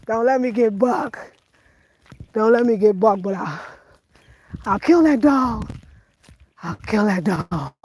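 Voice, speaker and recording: A woman's voice: mid-range voice, darkish tone, a little hiss or hum, poor audio. A woman vlogging as she walks outdoors in the countryside, chatting and laughing with her viewers. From United States. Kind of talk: casual vlog while walking.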